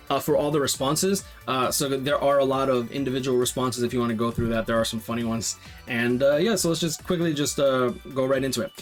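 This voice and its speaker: A man casually talking through game survey results as a YouTuber, rambling with lots of fillers and restarts. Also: mid-range voice. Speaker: gaming YouTuber.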